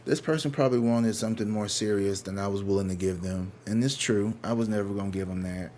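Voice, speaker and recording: A man with a slightly low voice talks through a tarot reading from his living room. He rambles, curses without a filter and doubles back mid-sentence. When he quotes people, he jumps into exaggerated, mocking voices. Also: steady tone, fast, a little mellow, slight background noise. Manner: candid and profane, rambling with many restarts. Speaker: tarot reader. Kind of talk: casual tarot reading with storytime.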